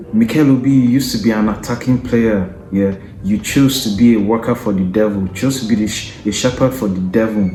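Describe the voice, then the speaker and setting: A man's voice: on the low side, mellow, roomy sound, slight background noise. A man hosting a football podcast, delivering an opinionated, taunting rant and often adding "yeah?" and "you understand?" to press his point. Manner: taunting, combative, repeats tag questions like "yeah?" and "you understand?".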